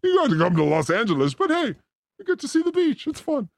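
Guy hosting a show, crude jokey theatrical, high voice, totally dry close mic. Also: wildly swooping pitch, quick pace, vocal fry, no room sound. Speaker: podcast host. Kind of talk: crude casual banter.

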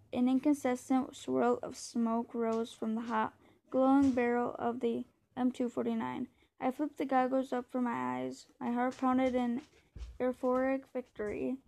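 A woman reading a novel aloud in steady first-person narration. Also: fairly high pitch, vocal fry, low-quality recording. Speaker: book reader.

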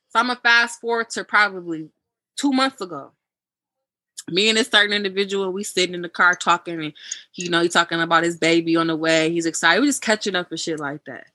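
An animated young woman tells a story among friends, jumping into the voices of everyone on the phone line. Her voice is bright and forward, and the sound is dry and close. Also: mid-range voice, a little fast, no room sound. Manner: animated, acts out both sides of phone calls, swears freely. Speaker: podcast guest.

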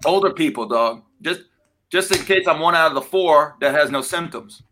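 Man, video call, laid-back, bright tone, slightly high voice. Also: expressive, moderate pace, a little hiss or hum. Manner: laid-back, calls people man and brother. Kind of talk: casual comedy chat.

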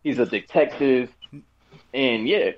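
A man's voice: medium pitch, animated, slow pace, dull audio. A man co-hosting a casual chat, rambling through a movie review with many fillers and restarts, while he has the hiccups. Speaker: podcast co-host giving a movie review.

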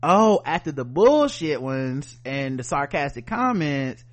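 Guy hosting a podcast, kinda high voice, chill and cussing, reading comments and riffing. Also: big pitch swings, a little slow. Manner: loose, profane, chuckling, thinks out loud. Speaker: podcast co-host. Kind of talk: casual chat, reading listener comments.

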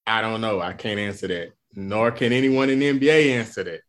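A man's voice: lowish voice, a little fast, fairly bright tone. A man co-hosting a casual sports podcast, arguing his point insistently in colloquial speech. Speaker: podcast co-host.

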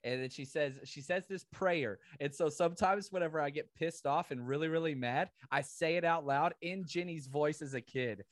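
A man from the Southern United States co-hosting a podcast in casual chat, ranting with animated laughs. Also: on the high side, normal speed, no echo. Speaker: podcast co-host.

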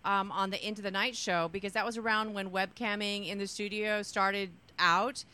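A woman's voice: mid-range voice, steady tone, normal speed, bright, forceful tone, clean tone. A woman co-hosting a show, chatting casually and recalling old times. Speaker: radio co-host. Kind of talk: casual chat.

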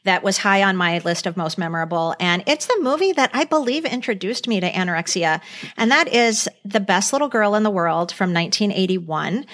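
A middle-aged woman talking through an old TV movie on a podcast, earnest and chatty, with frequent fillers. Her pitch sits in an ordinary middle range. She sounds like someone sharing a lasting memory with a friend. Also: expressive, fairly quick, fairly bright tone. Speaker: podcast co-host. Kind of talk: casual chat, recounting a movie.

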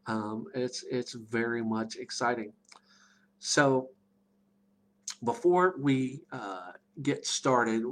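A middle-aged man teaching a live online class on druidry, halting and rambling with many fillers. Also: medium pitch, low-quality recording.

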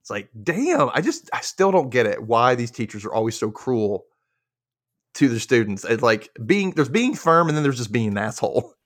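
A young man from Mississippi speaks with a medium-pitched voice at normal speed, recorded dry at studio quality. Hosting a podcast, he recaps a show in casual talk, animated and quick to laugh as he acts out characters.

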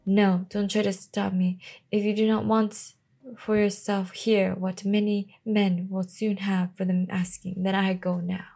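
A defiant young woman in despair, read out by a woman in a gravelly, husky voice. Her lines come plainly, with stumbles. The pitch sits in the middle. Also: level tone, measured pace, mellow.

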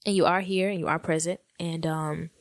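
A woman's voice: low-pitched, steady tone, fairly quick, no room sound. A woman co-hosting a casual podcast, chatty and earnest. Her voice is recorded dry and close, with no room sound. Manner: earnest, chatty, warmly grateful. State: pregnant, tired. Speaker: podcast co-host. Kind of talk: casual chat.

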